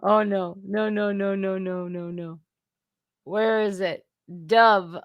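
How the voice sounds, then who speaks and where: A woman's voice: mid-range voice, fairly even intonation, takes it slowly, clean tone, no room sound, dull audio. A woman hosting a casual reaction livestream, chatty and exclamatory, talking straight to her viewers. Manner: chatty, exclaiming, laughing asides. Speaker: commentary livestream host.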